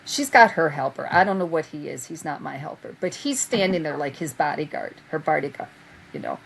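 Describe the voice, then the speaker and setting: A woman guest telling anecdotes in a casual chat, animated, laughing often and acting out what people said. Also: sits low, a little fast, creaky, husky, poor audio. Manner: animated storyteller who laughs often and acts out quotes. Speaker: guest, vintage fabric reseller.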